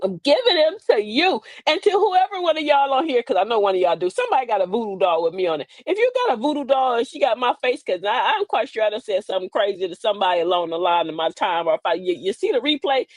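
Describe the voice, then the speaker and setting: A woman's voice: a little high, very animated, quick pace, hardly any pauses, no echo. An older woman, hosting a comedic livestream, telling stories with quoted voices and frequent laughter. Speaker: livestream host.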